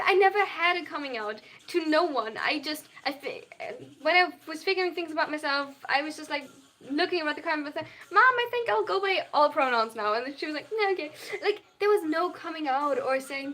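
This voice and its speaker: A woman's voice: sits high, a little fast, bright, forceful tone. A 21-year-old woman from Germany who speaks English with a German accent. She is a live streamer, reading viewers' chat questions aloud and answering them earnestly and openly.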